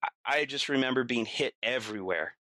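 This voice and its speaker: Speaking fairly quickly in a medium-pitched voice, a middle-aged podcast guest tells a colorful, casual story full of filler words. He reenacts his own shouting along the way, and the audio has no echo.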